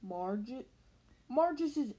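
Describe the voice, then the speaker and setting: A loud, blustering middle-aged uncle who bullies the household and bellows his orders, as a woman reading aloud puts him on. The voice sits a little high and barks out short, forceful lines. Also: lively intonation, drawn-out words, full character voice. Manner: loud bellowing, stammering when scared.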